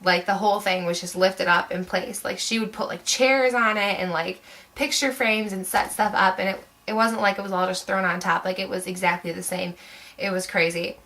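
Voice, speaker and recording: A woman's voice: medium pitch, fairly even intonation, moderate pace, bright, forceful tone, low-quality recording. A young woman vlogger telling a story to camera in a chatty, rambling way, full of "like" fillers.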